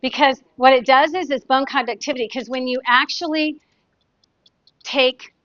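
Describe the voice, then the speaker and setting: A woman's voice: high-pitched, fairly even intonation, normal speed, a bit bright, dry recording. Chatty woman therapist, dull dry sound. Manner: chatty, demonstrative, tells anecdotes. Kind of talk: casual teaching talk.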